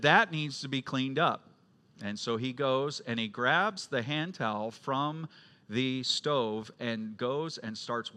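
A middle-aged man preaching a sermon as a pastor, swinging from loud emphatic questions to quiet storytelling. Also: a little high.

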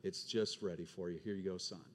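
A preacher doing a gentle, knowing father. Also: low voice, steady tone, brisk, a little hiss or hum, pitched below the performer's own voice, close to an everyday voice. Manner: soft and gentle. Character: kind, knowing older father.

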